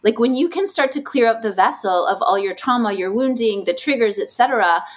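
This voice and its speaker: Animated, expressive woman podcast guest. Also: fairly high pitch, a little fast. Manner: animated, expressive, playful, acts out quotes. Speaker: podcast guest, healing practitioner. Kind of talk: casual conversational interview.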